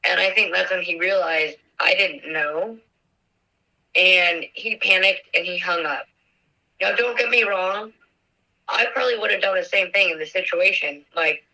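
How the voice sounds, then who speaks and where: A young woman telling a personal story in an interview, emotional and halting with many fillers. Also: fairly low pitch, bright, forceful tone, recorded from a distance, low-quality recording. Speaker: guest, victim's daughter.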